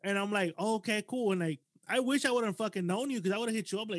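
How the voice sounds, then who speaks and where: Fast-talking high-voiced man telling a profane story. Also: no room sound, studio quality. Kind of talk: casual chat.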